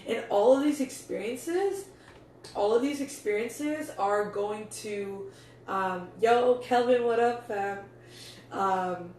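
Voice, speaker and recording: A woman's voice: medium pitch, a little mellow, distant mic. A young woman, talking casually to camera as a meditation coach, loose and chatty, swearing freely and saying "like" a lot. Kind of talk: casual vlog talk. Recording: echoey room, voice off-mic, faint noise.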